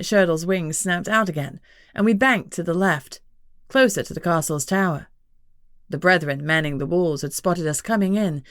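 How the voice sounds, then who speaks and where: A woman reading first-person fiction aloud, wry and lively. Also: on the low side, dry recording, clean studio sound. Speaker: audiobook narrator. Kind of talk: scripted first-person narration.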